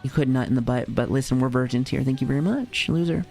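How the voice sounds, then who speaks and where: A man's voice: medium pitch, fast, gravelly, a little mellow, faint music behind. An American man streaming, chatting casually with his viewers in a rambling, profane way, full of fillers and restarts. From United States. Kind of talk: casual livestream chat reacting to chat.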